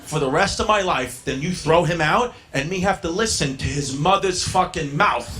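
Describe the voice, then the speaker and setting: A man voicing a gruff, menacing middle-aged ex-convict father who swears heavily and makes low, flat threats. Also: moderate pace, faint music behind, lightly acted. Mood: threatening. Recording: loud background noise.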